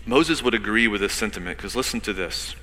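A man preaching a sermon as pastor, talking conversationally to the congregation and reading scripture dramatically, swinging between loud and hushed. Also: on the low side, brisk, big-room sound, slight background noise, low-quality recording.

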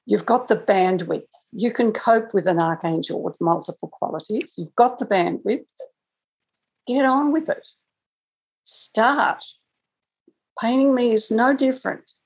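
A woman quoting an archangel as a firm male presence urging her on, in her own husky voice. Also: on the high side, pitched above the performer's own voice, poor audio. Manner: brisk, no-nonsense urging.

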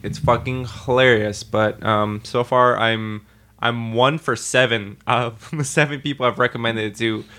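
A man's voice: mid-range voice, steady tone, measured pace, sharp tone, smooth. A man chatting as a podcast guest, joking, laughing often and swearing. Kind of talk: casual chat.

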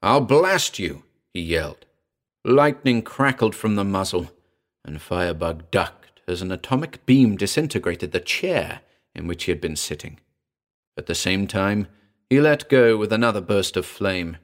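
Male audiobook narrator, low, wry first-person storyteller. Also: expressive, moderate pace. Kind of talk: audiobook reading.

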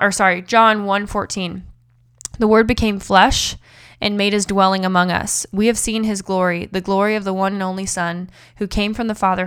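A woman's voice: mid-range voice, a bit bright, clean tone. A young woman hosting a faith-based motivational podcast, chatty and upbeat with preacher-like emphasis. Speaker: podcast host.

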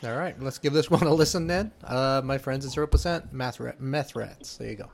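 A man's voice: mid-range voice, a little fast, creaky. A man co-hosting an interview, easygoing as he asks questions. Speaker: podcast co-host. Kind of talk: casual interview chat.

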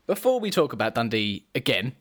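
A man's voice: medium pitch, very animated, brisk. A man from England co-hosting a casual podcast, trading dry jokes and banter. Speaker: podcast co-host.

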